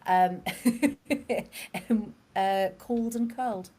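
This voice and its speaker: A woman co-hosting a casual football podcast, chatty, laughing often and filling pauses with fillers. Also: mid-range voice, warm tone, slight background noise. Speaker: podcast co-host.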